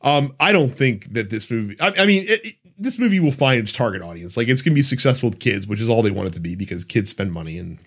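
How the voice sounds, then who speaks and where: Animated man co-hosting a podcast. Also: mid-range voice, quick pace, few pauses. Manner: animated, swears casually, laughs often. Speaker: podcast co-host reading listener questions. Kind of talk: casual chat.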